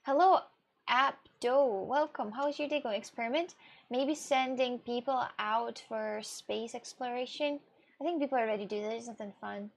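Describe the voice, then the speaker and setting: With a gravelly, fairly high voice at a moderate pace, a young woman from Russia streams live. Her talk with viewers is loose and wandering, broken by gasps and false starts.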